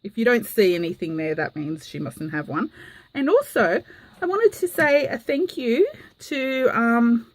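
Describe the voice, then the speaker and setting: A woman's voice: fairly high pitch, lively intonation, unhurried. A woman with a gushing, enthusiastic manner, full of "um" fillers, showing off mail she received in a casual craft vlog. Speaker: craft vlogger. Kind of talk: casual show-and-tell vlog.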